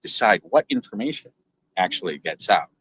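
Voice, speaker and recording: A man, a guest on a livestream interview, explaining things haltingly with many fillers. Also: sits low, very animated, pushed and bright, breathy edge, low-quality recording.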